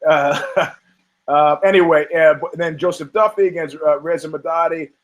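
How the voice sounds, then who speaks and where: A man's voice: fairly high pitch, steady tone, normal speed, poor audio. Rambling, profane male podcast host. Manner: rambling, profane, self-mocking jokes. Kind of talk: casual comedic commentary on combat sports.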